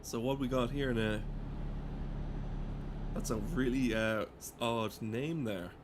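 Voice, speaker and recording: A man's voice: mid-range voice, slow. A man giving rambling, casual gameplay commentary, swearing freely. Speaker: gaming streamer. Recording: steady game engine noise behind.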